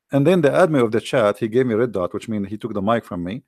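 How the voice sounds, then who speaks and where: A man hosts a livestream and tells stories in animated, broken English, speaking directly to viewers. His mid-pitched voice has a gravelly edge. The sound is dry and close. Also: quick pace, no room sound. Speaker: livestream host. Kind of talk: casual livestream storytelling.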